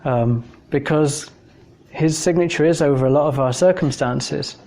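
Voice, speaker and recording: In a casual talk on the evidence for God, an English man reflects on his own experiences, conversational and thoughtful, with fillers sprinkled throughout. His voice sits a little high and has a darkish tone, and he keeps a moderate pace.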